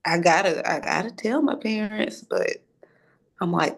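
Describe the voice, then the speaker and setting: A young adult woman, a recent graduate, tells a personal story casually and with animation, acting out the conversations she had. Her voice is on the low side and slightly rough, moving at a moderate pace.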